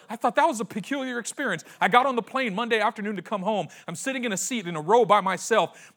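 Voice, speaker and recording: Male pastor, 40s, high voice, bright tone, fervent sermon, repeats lines, hushed to loud. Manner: impassioned, swinging between hushed and loud; repeats phrases for emphasis.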